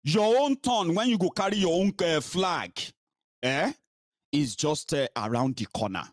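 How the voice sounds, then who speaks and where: A man's voice: a little high, lively intonation, measured pace, no room sound. A man with a Nigerian accent delivers heated political commentary in a mocking, scolding tone. He slips into pidgin and Yoruba as he talks. The recording is dry and close, with almost no room sound.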